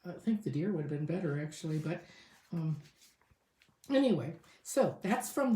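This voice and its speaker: A woman's voice: deep voice, lively intonation, normal speed, pauses often, warm tone, echoey room. A woman showing a craft step by step in a casual tutorial, chatting and thinking aloud as she works. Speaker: crafting demonstrator.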